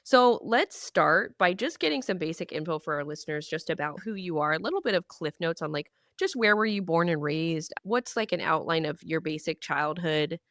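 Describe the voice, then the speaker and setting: A woman with a somewhat low voice hosting a conversational interview. She affirms her guest and thinks aloud, with an idealistic turn to her words. The recording is dry and close, with no room sound. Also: animated, normal speed, few pauses, a bit bright, dry recording. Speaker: podcast host.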